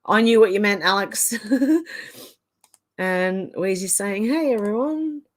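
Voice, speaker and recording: A woman's voice: medium pitch, takes it slowly. An Australian woman hosting a livestream, chatting casually and reading viewer comments aloud. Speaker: livestream host reading chat. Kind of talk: casual chat.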